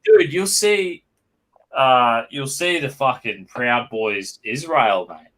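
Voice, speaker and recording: An Australian man hosts a casual podcast with a bright, forceful voice. He talks bluntly and emphatically, swearing freely as he makes his points. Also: mid-range voice, animated, slow. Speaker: podcast host.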